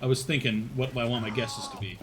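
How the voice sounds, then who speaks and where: A man's voice: mid-range voice, fairly even intonation, a little fast, noisy background. A man streaming, chatting casually with his viewers, rambling and swearing with frequent laughs. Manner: chats with unheard viewers, reads chat.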